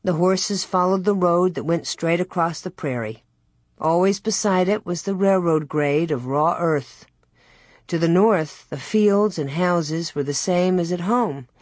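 Husky low-voiced woman narrating. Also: a little mellow, dry recording, clean studio sound. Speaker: audiobook narrator. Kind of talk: scripted narration of a children's novel.

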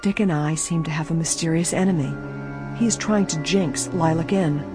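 A woman's voice: low voice, moderate pace, music in the background, natural voice. A woman reading a worried young bride running an inn. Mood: confiding. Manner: earnest, confiding.

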